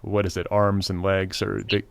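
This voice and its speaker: A man's voice: deep voice, completely flat delivery, moderate pace, gravelly, clean tone. A man hosting a podcast, asking long, winding questions full of fillers and restarts. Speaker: podcast host. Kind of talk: conversational interview questions.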